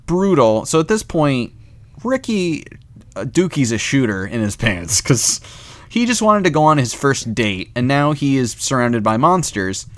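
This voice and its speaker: A man's voice: medium pitch, very animated, a little slow, fairly bright tone, no room sound. A man co-hosting a casual podcast, retelling a story with laughs and silly voices for the characters. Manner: laughs often, acts out quoted lines in silly voices. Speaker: podcast co-host.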